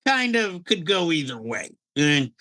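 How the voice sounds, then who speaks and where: A man co-hosting a podcast, chatting casually about a movie, animated, laughing often and restarting his sentences. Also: a little high, a little slow. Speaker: podcast co-host. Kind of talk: casual film review chat.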